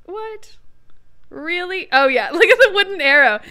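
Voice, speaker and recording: Bubbly high-voiced woman gaming host. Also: a little slow. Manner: excitable, self-cheering, nervous chatter to viewers. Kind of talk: casual let's-play commentary.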